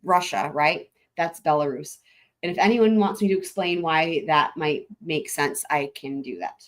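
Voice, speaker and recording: With a low voice and measured pace, a livestream host talks loosely with her audience. Her chat wanders, she laughs often, and her speech has a lilting quality.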